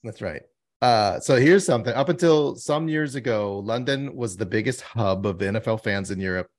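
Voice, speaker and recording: Low-voiced man riffing on the news. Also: moderate pace. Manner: jokey, reads out news items and riffs on them. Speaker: podcast co-host. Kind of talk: casual chat.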